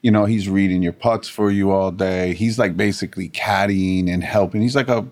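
A man's voice: sits low, fairly even intonation, normal speed, a little mellow. A man co-hosting a podcast, chatting in an easygoing, matter-of-fact way. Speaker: podcast co-host. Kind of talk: casual chat.

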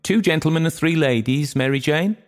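A man's voice: low-pitched, moderate pace, gravelly, a little mellow. A man voicing an elderly woman, a fussy and anxious hostess at a party. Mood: busy.

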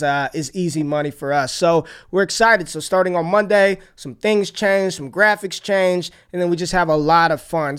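High, smooth-voiced man hosting casually. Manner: loose, repetitive, swears casually, hypes sponsor. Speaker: podcast host. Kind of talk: casual sports podcast chat.

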